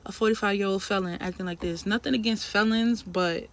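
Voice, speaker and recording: Animated slangy woman telling a story. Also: medium pitch, a little fast. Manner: animated, slangy, emphatic retelling. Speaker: trucking trainee telling a story. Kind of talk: casual storytime vlog.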